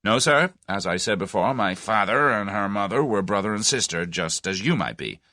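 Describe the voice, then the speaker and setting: A man voicing a blunt, forceful American man in his thirties, with an American accent. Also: fairly low pitch, animated, normal speed, dry recording, studio quality.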